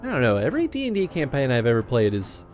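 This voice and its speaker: A man's voice: medium pitch, huge pitch swings, fast, faint music behind. A man hosting a livestream, chatting casually in a rambling way while playing a game. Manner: rambling, with restarts and laughter. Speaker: livestream host.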